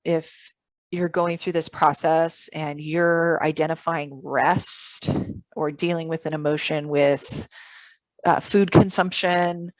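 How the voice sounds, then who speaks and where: Low-voiced woman giving earnest self-care advice. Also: no echo. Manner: earnest, reflective, frequent fillers. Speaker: vlogger on emotional self-care. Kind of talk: casual advice monologue to camera.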